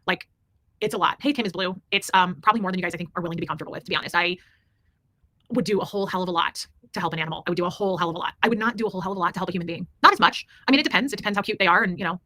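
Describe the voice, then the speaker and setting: Woman livestream host, breakneck rambling chatter, crisp and forceful, swears freely. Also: fairly low pitch, rapid-fire, no room sound. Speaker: livestream host reading super chats. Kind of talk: casual livestream chat.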